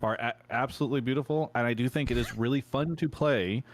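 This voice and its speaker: A man speaking candidly on a live stream, with a voice of ordinary pitch and a conversational flow full of fillers. Faint music plays behind him. He sounds relaxed and unscripted as he makes his points. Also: quick pace. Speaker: guest commentator. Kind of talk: livestream discussion.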